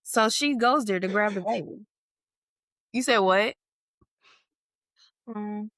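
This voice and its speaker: A woman co-hosting a podcast tells an animated story in casual chat, acting out quotes in a high voice and leaning heavily on "like" and "or whatever." She speaks slowly, and the studio-quality recording has no room sound.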